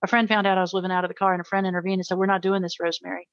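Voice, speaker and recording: A middle-aged woman speaks as an interview guest, her voice sitting somewhat low. She tells her story earnestly, often repeating words for emphasis. The sound is dry and a little dull, like remote call audio. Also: level tone, racing, dry recording. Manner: earnest, emotional storytelling with repetitions.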